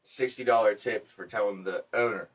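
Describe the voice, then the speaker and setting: A man's voice: fairly low pitch, normal speed, distant mic. A man hosting a podcast, telling stories in a casual, profane, joking way. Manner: profane, joking, animated storyteller. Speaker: podcast host. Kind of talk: casual storytelling chat.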